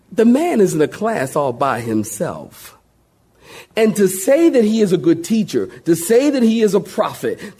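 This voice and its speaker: A male pastor preaches a lively sermon in a high, husky voice that leaps up and down in pitch. He banters with the congregation, asks for amens, and sometimes sinks to a slow, quiet, solemn voice. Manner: animated preaching with a call-and-response to the congregation; folksy humor and sudden drops to a hushed, slow voice.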